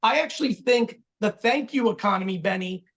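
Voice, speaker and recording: This man talks in a high, gravelly register, punching each point with blunt, profane emphasis. He tells stories at a brisk, animated clip over a video call. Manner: fast, emphatic, profane storytelling. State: getting stitches while talking. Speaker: guest speaker answering questions. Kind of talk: storytelling and business advice.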